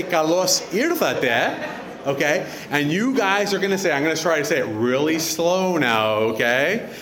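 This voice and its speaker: A man's voice: on the high side, noisy background. A middle-aged man, father of the bride, giving a joking wedding reception speech and teaching the guests a greeting. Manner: lively, teaching the crowd a Greek greeting, joking. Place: outdoor wedding reception venue.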